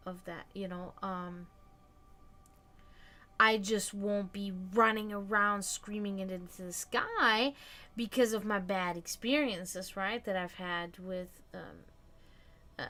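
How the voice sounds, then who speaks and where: This livestream host is a woman whose mid-range voice sounds bright and forceful. Her chatter with viewers is loose and conversational, replying to comments and full of fillers and restarts.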